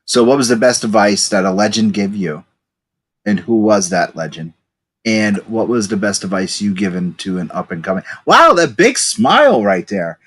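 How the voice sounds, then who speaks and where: A man's voice: on the low side, lively intonation, moderate pace, fairly bright tone, breathy edge. A man hosting a casual podcast interview, asking long, rambling questions with many restarts. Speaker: podcast host.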